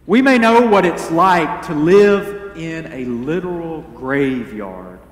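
A man preaching a sermon as pastor, earnest and deliberate, asking the congregation rhetorical questions. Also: a little high, animated, roomy sound, big-room sound. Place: church sanctuary.

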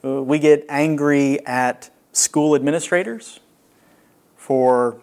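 A man preaching a sermon as a pastor, earnest and reflective, with long pauses. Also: on the high side, fairly even intonation, darkish tone.

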